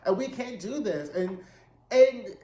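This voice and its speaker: High-voiced guy doing a chatty tv recap, slangy, keeps asking right?, roomy echo. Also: lively intonation, slow, dark tone. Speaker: TV review host. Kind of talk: casual recap and commentary.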